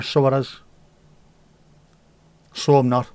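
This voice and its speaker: With a Scouse accent, a man from Liverpool chats jokily with viewers on a casual livestream and reads out chat comments. His mid-range voice is darkish and unhurried, and there's no echo.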